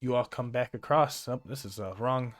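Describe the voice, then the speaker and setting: A man's voice: mid-range voice, normal speed, faint music behind. Easygoing male game master, loose unscripted narration, plenty of uhs. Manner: relaxed, filler-heavy narration.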